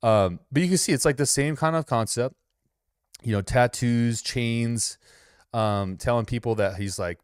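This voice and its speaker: A man hosts a casual reaction commentary, rambling, mocking, and swearing a lot. His voice is mid-range and a bit slow, with a clean tone. The studio-quality recording has no echo.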